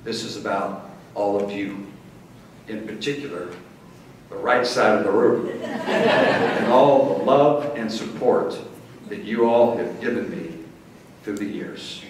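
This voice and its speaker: A man's voice: on the low side, slow, long pauses. Folksy man in an echoey hall. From Missouri. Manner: folksy, warm storytelling with playful crowd asides. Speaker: motivational speaker. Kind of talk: acceptance speech. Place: large banquet hall. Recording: echoey hall, distant mic, faint hiss.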